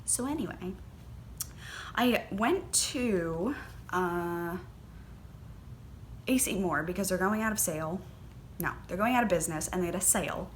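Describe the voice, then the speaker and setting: A woman chats casually on her knitting podcast, gushing about her finds with lots of ums and small gasps of delight. Her voice sits a little low for a woman. A faint hiss of background noise sits under the recording. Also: measured pace, long pauses. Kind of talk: casual chat.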